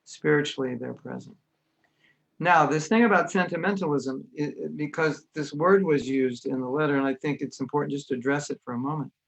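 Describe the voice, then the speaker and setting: An American spiritual teacher gives an informal online class over a video call, speaking conversationally and with lively energy as he acts out other people's voices. His voice is a little high, with vocal fry and a fairly quick pace.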